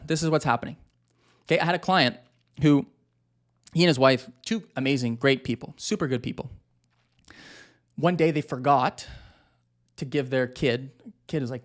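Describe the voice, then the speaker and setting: A man in his thirties, a marriage coach, giving a direct and emphatic talk to husbands with frequent fillers. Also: on the high side.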